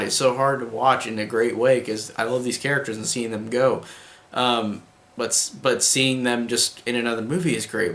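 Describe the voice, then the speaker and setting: A man's voice: medium pitch, fairly bright tone. A man giving a casual film review in an enthusiastic, emotional, rambling way. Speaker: movie reviewer. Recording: roomy echo.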